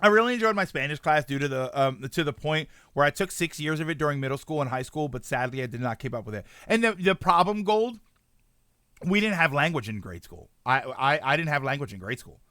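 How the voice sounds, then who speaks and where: A man's voice: fairly high pitch, very animated, fairly quick, sharp tone, clear, resonant tone, no echo, clean studio sound. A man streaming live, chatting casually and rambling as he answers his chat and corrects himself often.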